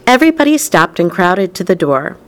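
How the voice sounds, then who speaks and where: A woman reading a children's novel aloud, unhurried and expressive. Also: lowish voice. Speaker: reader.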